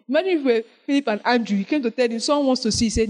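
With a fairly high voice and a quick pace, a woman preaches a sermon in poor audio. Her delivery is animated, switching between loud exclamations and soft, prayerful lines.

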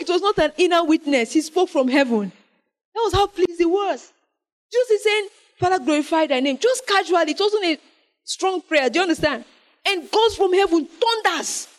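A woman with a very high voice delivers a sermon, her animated style alternating between loud outbursts and quiet, prayerful passages. The audio is poor.

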